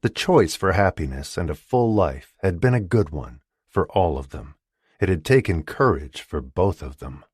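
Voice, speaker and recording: A man narrating an audiobook romance in scripted narration, expressive and shifting voices for characters. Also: deep voice, normal speed, slightly rough, no room sound, clean studio sound. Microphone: close studio mic.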